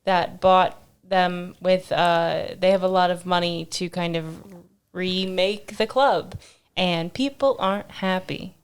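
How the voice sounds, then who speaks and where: A woman co-hosts a casual podcast chat in a smooth, clear voice. She rambles and giggles often, and her questions wander before they land. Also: on the low side, steady tone, takes it slowly. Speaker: podcast producer and co-host.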